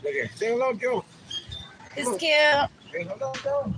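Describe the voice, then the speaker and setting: A woman's voice: high voice, sing-song, moderate pace. A woman hosting a rambling solo livestream, musing aloud, repeating herself and switching between English and Spanish. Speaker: livestream host. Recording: loud background noise.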